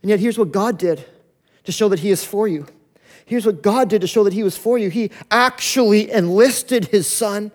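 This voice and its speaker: A man preaching in a church, his voice sitting high for a man. He moves between loud, urgent stretches and quiet, hushed ones, and acts out voices in the stories he tells. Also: moderate pace. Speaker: pastor. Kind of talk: sermon.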